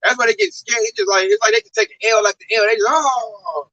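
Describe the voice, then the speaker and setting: Male co-host with a high, bright voice, emphatic slangy religious talk, muffled lo-fi recording. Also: lively intonation, very fast, no room sound. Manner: slangy, emphatic, acts out quotes.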